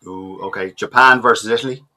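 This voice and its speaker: A man hosting a casual panel podcast over a video call, running through questions briskly with plenty of "uh" fillers. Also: on the low side, bright, forceful tone. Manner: brisk quizmaster, hesitant fillers. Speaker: podcast host.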